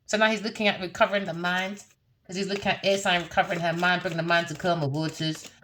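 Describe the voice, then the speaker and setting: This woman's tarot reading is casual, brash, profane and mocking, full of laughter, swinging from low muttering to loud, high bursts. Her delivery is flat and quick, with a little hiss or hum.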